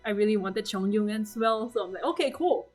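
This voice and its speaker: A woman recapping her game pulls in casual commentary, excitable and swearing, acting out her own squeals. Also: mid-range voice, fairly quick, faint music behind. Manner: trails off with fillers and restarts. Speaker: gaming vlogger. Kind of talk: casual gaming commentary over gameplay.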